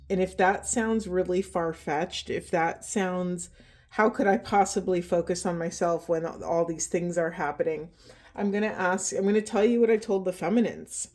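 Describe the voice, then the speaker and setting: A woman giving a slow, halting spiritual card reading, emotional, with heavy breathing and a trembling voice. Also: lowish voice, dark tone. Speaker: oracle card reader.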